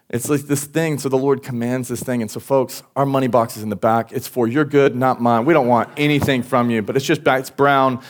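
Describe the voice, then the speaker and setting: A man giving a sermon at a church service as pastor, talking in a casual way with many restarts and asides. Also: medium pitch. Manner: conversational, with frequent restarts and asides.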